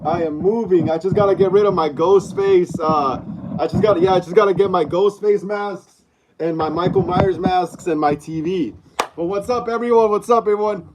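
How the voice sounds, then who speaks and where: A man's voice: sits high, normal speed, background noise. A man hosting a casual livestream from a room at home, greeting viewers over and over and reading chat aloud. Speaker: livestream host. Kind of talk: casual live-stream chat. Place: room at home, mid-move.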